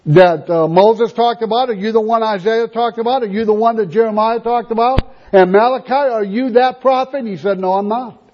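A man's voice: high-pitched, a little mellow. A man preaching a sermon, emphatic, reading scripture and repeating rhetorical questions. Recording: dull lo-fi recording.

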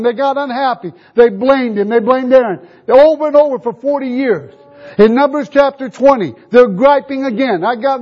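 A preacher with a notably high voice delivers a sermon, firing rhetorical questions at his listeners. He slows right down to lean on scripture verses word by word. The recording is muffled and lo-fi. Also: darkish tone. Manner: rhetorical questions, drawn-out emphatic scripture reading. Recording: dull lo-fi recording.

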